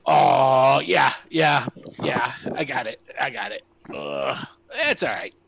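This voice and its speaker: A man's voice: medium pitch, animated, slow pace, gravelly, fairly bright tone, slightly rough, pitched below the performer's own voice, full character voice. A man voicing a nervous, stammering small immortal man who keeps talking defensively.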